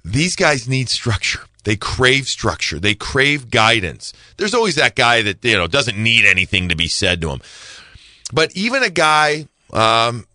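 A man's voice: mid-range voice, sharp tone, no room sound. A man giving hockey analysis on a podcast, emphatic and repeating himself to stress a point. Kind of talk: podcast sports talk.

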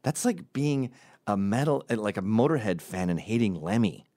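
Rambling, profane man with a lively voice. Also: lowish voice, normal speed, dry recording, studio quality. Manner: rambling, profane, jumps between tangents. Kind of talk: comedic rant.

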